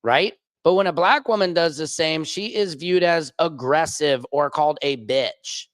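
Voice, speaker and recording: A man hosting a livestream and talking in a crude, rambling, profane way, with big swings in pitch. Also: measured pace, a bit bright, no echo, studio quality. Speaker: streamer host. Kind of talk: casual livestream monologue.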